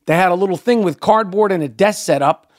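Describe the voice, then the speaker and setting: A man's voice: high-pitched, brisk. Podcast guy ranting hard, swears a lot, keeps repeating himself for punch. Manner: profane, emphatic ranting; repeats key phrases for emphasis. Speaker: podcast host. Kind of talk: monologue.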